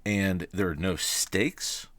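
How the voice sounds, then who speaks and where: A man's voice: low-pitched, steady tone, slow pace, a bit bright, dry recording. A man and game master talking casually on a podcast, thoughtful and often restarting his phrases.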